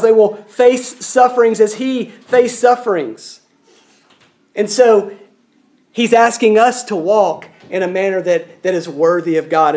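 Preaching a sermon in a strikingly high yet darkish-toned voice, this man is earnest and frequently pleads with his audience. He tends to repeat words at the start of each thought.

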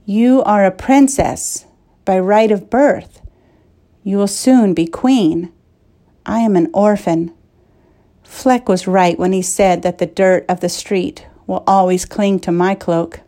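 A woman's voice: mid-range voice, takes it slowly, dark tone. A woman reading the part of an earnest young orphan knight, who speaks solemnly.

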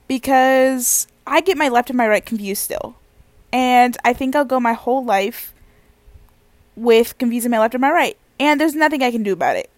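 A woman's voice: a little high, no room sound. A young woman vlogging while lying on her bed, chatting casually in a rambling, self-deprecating, giggly way. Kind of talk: casual chat.

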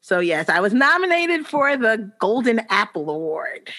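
A woman's voice: on the high side, normal speed. A woman in her forties, a teacher, telling stories animatedly in a casual interview, often restarting her sentences. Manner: animated, lively storyteller with frequent restarts. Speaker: teacher, podcast guest.

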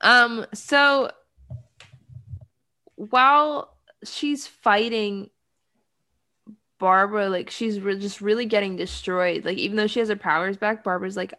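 Rambling woman with a gravelly fry. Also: mid-range voice, sharp tone. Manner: rambling, full of "like" fillers, wry. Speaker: podcast co-host recapping a film. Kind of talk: casual chat.

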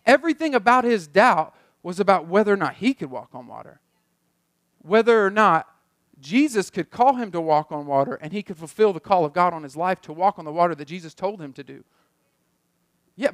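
A man with a noticeably high voice preaches a sermon in a relaxed, chatty storytelling manner. He often restarts and repeats words mid-thought. The sound is dry and close, with no room echo. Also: fairly quick. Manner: conversational storytelling, repeats words while thinking. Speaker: pastor.

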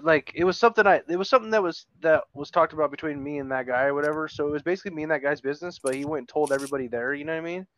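A man co-hosting a podcast, talking casually in a hesitant, halting way. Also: on the high side, a bit bright, muffled recording, slight background noise. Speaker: podcast co-host. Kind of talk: casual chat.

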